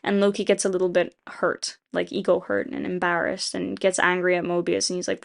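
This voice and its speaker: A woman's voice: lowish voice, level tone, brisk, creaky. A woman casually retelling a story plot, rambling with lots of fillers, quoting characters in passing and swearing freely as she gives her opinions. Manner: rambling, filler-heavy, voices quoted characters. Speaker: video essayist.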